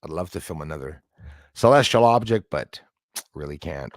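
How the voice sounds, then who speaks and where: A middle-aged man hosting a casual live stream, excitable, thanking viewers by name and swearing when angry. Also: rumbling low, moderate pace, dry recording, clean studio sound.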